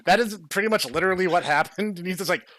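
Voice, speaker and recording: Podcast host, male, fairly high voice, chatty storyteller with filler-laden asides, dry close-mic sound. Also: fast, bright, forceful tone, no echo. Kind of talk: casual podcast chat.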